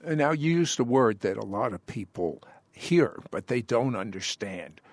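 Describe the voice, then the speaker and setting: A man's voice: mid-range voice, animated, moderate pace, no echo. A man hosting a Christian talk show, asking questions in a conversational, affirming way. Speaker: host.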